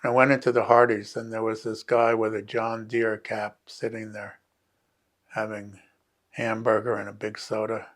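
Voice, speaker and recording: An older man from New Jersey, a physician, telling a personal story in a wry, animated way and acting out the dialogue. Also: fairly low pitch, moderate pace.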